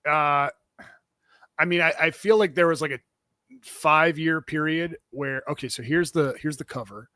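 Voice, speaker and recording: A man's voice: on the high side, normal speed, bright, forceful tone, no echo. A man hosting a comedy podcast, rambling through casual banter with plenty of fillers and restarts. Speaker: podcast host.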